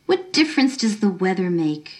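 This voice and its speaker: A woman's voice: mid-range voice, very animated, moderate pace, close to an everyday voice. A woman voicing a bitter nineteen-year-old girl who sneers and snaps, as she reads a story aloud. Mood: angry. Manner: sneering, snapping.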